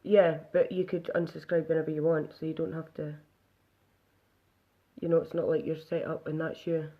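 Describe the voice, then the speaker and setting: A woman's voice: sits low, little pitch movement, moderate pace, dull audio. A woman chatting casually through a live makeup demonstration, narrating each step aloud.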